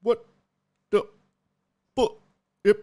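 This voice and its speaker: A man's voice: extremely slow, dry recording. A man hosting a casual live-streamed sports show, ranting and cursing freely. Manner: profane, ranting, animated.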